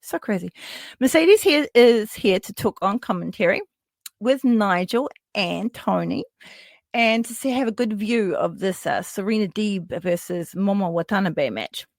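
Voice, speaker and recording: A woman hosts a casual podcast and runs through wrestling matches with lively, loose energy, dropping swears and plenty of fillers. Her voice sits at an ordinary middle pitch. It is recorded dry and close, with no room sound. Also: unhurried, vocal fry, no echo. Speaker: podcast host.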